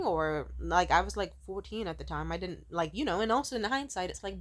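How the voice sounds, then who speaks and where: A woman in her twenties telling personal stories casually to the camera, swinging from loud excitement to soft, low asides and swearing freely. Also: fairly quick, hardly any pauses. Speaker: vlogger.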